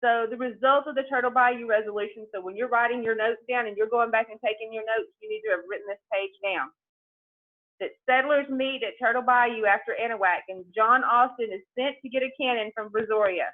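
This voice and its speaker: A woman's voice: fairly high pitch, steady tone, fairly quick. A woman teacher giving a conversational history lecture, talking straight to her students and often repeating words. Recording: tinny phone-like sound.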